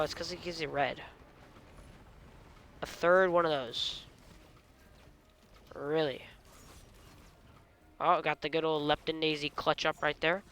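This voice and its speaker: Excitable gamer man, bright forceful voice. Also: a little high, a little hiss or hum. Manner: excitable, talks to himself and the enemies mid-fight; drops mock British slang now and then. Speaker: gaming channel host. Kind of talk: live gameplay commentary.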